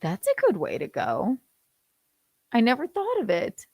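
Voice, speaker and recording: A woman's voice: on the high side, measured pace, no echo. Laughing woman in her thirties, dry close sound. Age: 30s. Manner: animated, laughing, swearing, mimics yelling. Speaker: host. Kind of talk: casual livestream chat.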